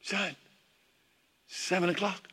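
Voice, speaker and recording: A man voicing his gentle, doting older mother in a soft, caring tone. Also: a little high, big pitch swings, a little fast. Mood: tender. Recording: long hall reverb.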